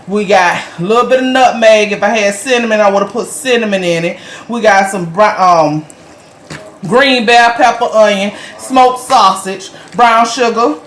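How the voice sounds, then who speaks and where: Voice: mid-range voice, fairly bright tone, distant mic. A home cooking show host with a Southern US accent, chatting folksily to viewers while walking through a recipe step by step. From Jacksonville, Florida, US. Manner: chatty and folksy, talks straight to viewers as y'all. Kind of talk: casual cooking demonstration. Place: home kitchen. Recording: roomy kitchen, off-mic, faint background hum.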